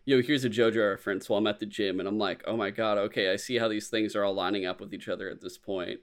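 A man chatting casually as a podcast co-host, excitable and full of swearing. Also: fairly low pitch, quick pace. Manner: excitable, profane, swears freely. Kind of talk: casual chat.

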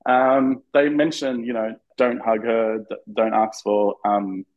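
A man's voice: medium pitch, level tone, slow, narrow, tinny audio. An Australian man, a podcast guest, telling an eager, nervous story with lots of fillers and restarts. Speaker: interview guest, fan. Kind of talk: casual storytelling in a podcast interview.

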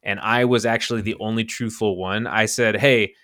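A young man casually telling a story on a podcast, acting out the quotes with big jumps in his voice. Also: a little fast. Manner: animated, acts out quotes with big pitch jumps. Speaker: podcast co-host.

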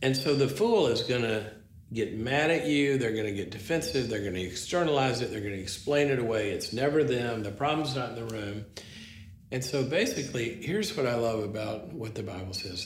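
Animated storytelling man in a roomy space. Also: medium pitch, a little fast. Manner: animated, acts out dialogue, frequent restarts. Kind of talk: conversational storytelling. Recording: roomy with faint noise.

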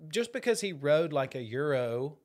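A man's voice: fairly high pitch, sing-song, normal speed, darkish tone. A man co-hosting a podcast, telling jokey stories in casual chat and chuckling often. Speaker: podcast co-host.

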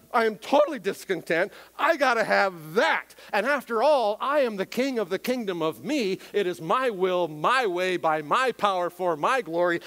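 A man preaching a sermon in an animated way, often questioning the congregation. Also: sits high. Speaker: pastor.

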